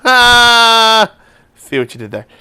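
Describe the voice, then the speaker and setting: A man with a smooth, resonant voice that sits a little higher than most, bouncing all over the place as he riffs. He co-hosts a loose comedy chat, animated and quick to crack a joke or drop a swear. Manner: animated, joking, swears freely. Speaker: co-host.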